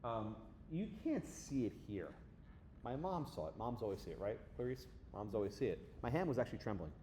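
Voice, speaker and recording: Middle-aged man, guest lecturer, animated and conversational, faint room ambience. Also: medium pitch, fairly quick, a little hiss or hum. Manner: lively, conversational, talks to the audience with frequent "right?". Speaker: law professor giving a guest lecture.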